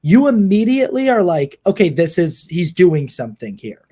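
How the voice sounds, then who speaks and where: A man's voice: sits high, big pitch swings, moderate pace, warm tone, husky. A young man co-hosting a podcast, talking casually about a film with many restarts. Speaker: podcast co-host.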